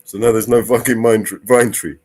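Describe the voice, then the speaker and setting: A man's voice: mid-range voice, fairly even intonation, brisk, a little mellow. Laughing, rambling male stream host. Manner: laughs often, rambling storyteller. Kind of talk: casual live chat.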